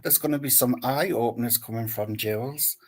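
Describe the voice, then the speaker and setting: A man's voice: medium pitch, crowd noise. A man with a northern English accent co-hosting a livestream, joking and often trailing off mid-sentence. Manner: jokey, halting, trails off. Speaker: livestream co-host. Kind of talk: casual chat.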